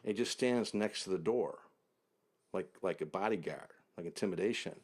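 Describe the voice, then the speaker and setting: A man's voice: low-pitched, normal speed, a little mellow. A man from the United States, an author and interview guest, telling a travel story in vivid, short, punchy sentences. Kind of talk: anecdotal storytelling.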